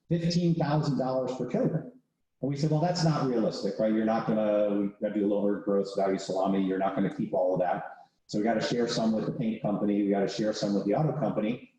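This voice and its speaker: Guy lecturing on pricing, mellow dark voice, chatty, lots of "right?", super echoey room. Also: fairly low pitch, muffled recording. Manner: conversational, tags points with "right?". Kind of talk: classroom lecture with case story.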